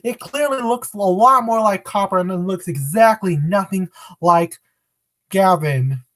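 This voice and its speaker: A woman's voice: medium pitch, unhurried. Rambling woman chatting on a live stream. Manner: rambling, self-correcting, greets viewers by name. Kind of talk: casual live-stream chat.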